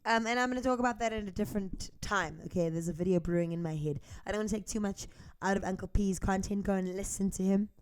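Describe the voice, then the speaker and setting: A woman hosts a commentary video and argues firmly. Her voice sits at an ordinary middle pitch. She hammers her points home by repeating them. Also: fast, smooth. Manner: emphatic, argumentative, repeats points. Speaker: host of a reaction video channel. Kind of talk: opinionated commentary.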